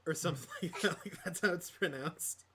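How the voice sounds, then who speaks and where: A man's voice: on the high side, fairly quick, a bit bright, slight background noise. A man co-hosting a podcast in casual chat, rambling with lots of fillers and laughs. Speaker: podcast co-host.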